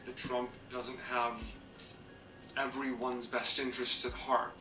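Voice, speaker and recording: A man's voice: mid-range voice, monotone, slow pace, bright, forceful tone, soft background music. A man talking in a casual, rambling vlog rant, self-deprecating and full of fillers, recorded from a distance in an echoey room.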